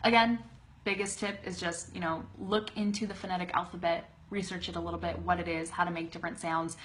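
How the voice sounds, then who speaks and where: Young woman, English teacher, chatty, laughs easily, slows down to model words, webcam sound. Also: fairly low pitch, little pitch movement, fairly bright tone, a little hiss or hum. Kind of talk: live online pronunciation lesson.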